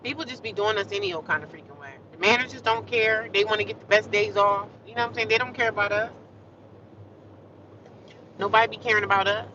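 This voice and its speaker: A woman's voice: medium pitch, racing, hardly any pauses, far from the mic, highs cut off, a crowd in the background. A woman chatting casually to her livestream viewers, talking straight to them and drifting into bits of song. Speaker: vlogger.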